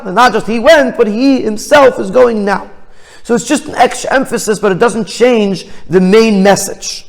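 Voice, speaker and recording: A man's voice: sits high, moderate pace, vocal fry, in a large hall. A man teaching as a rabbi. He reads out phrases of a text, then explains them plainly, often restarting his sentences. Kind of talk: text study lesson.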